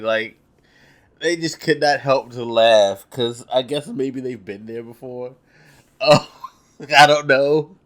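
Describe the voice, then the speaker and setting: Young male vlogger, loose profane storyteller who laughs at himself, average pitch. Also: takes it slowly, a bit bright. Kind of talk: casual storytelling.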